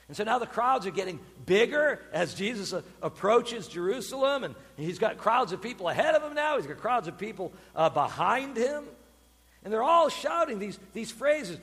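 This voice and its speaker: High lively preacher guy, church hall echo, shouts out the quoted cries. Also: normal speed. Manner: animated preaching, calls out quoted cries loudly. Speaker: pastor. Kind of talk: sermon.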